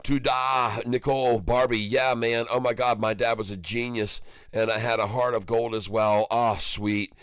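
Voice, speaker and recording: A man's voice: medium pitch, little pitch movement, moderate pace, few pauses, a bit bright, smooth, no room sound, studio quality. Jovial man hosting a livestream. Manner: jovial, laughs often, upbeat banter with viewers. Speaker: stock market livestream host. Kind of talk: casual livestream chat, reading viewer comments aloud.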